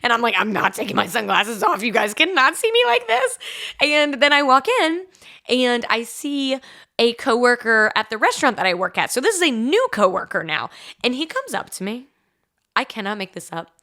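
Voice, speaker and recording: Young woman, podcast host, bright voice, chatty and confessional, laughs through her stories. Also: fairly high pitch, very animated, moderate pace. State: congested. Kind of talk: casual solo podcast storytelling.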